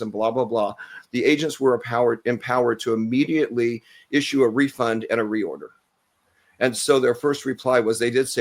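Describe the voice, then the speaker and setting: A man with a mid-range voice sharing his view on a panel discussion. He explains at a measured rate, pausing on frequent "um"s as he builds his points. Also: medium pitch, fairly even intonation. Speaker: panel expert.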